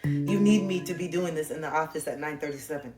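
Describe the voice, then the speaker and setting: Speaking fast in a low register, this woman livestreamer preaches spiritual life advice with intensity, cursing openly and hammering phrases through repetition. It's a fervent motivational monologue, and the room echoes with faint music behind her.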